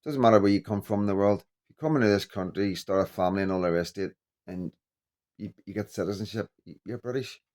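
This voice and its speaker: A man vlogging in a rambling casual commentary, halting and full of "you know what I mean". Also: on the low side, a little mellow.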